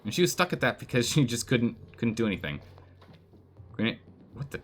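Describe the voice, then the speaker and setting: Animated man streaming gameplay. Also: mid-range voice, quick pace, a little hiss or hum. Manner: animated, exclaims and pleads with game characters. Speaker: streamer playing a colony game. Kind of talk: live gameplay commentary.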